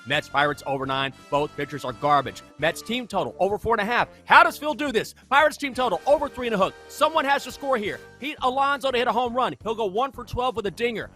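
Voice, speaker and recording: A man hosting a sports betting show, rattling off picks in a fast auctioneer style. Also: high voice, animated, bright, forceful tone, soft background music. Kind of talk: rapid-fire betting picks.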